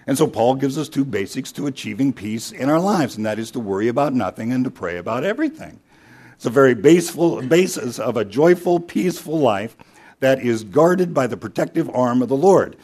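A man preaching a sermon in a relaxed, conversational way, as if telling a story. He often turns questions back to the congregation, and his voice sits in an ordinary middle register. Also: medium pitch. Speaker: pastor.

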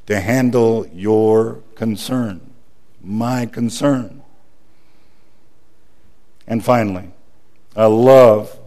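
A man delivering a sermon as pastor, his voice sitting in an ordinary middle pitch. He leans into repeated lines with emphasis and turns quieter and gentler when he prays. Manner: preaching with rising emphasis and quiet, softer prayer.

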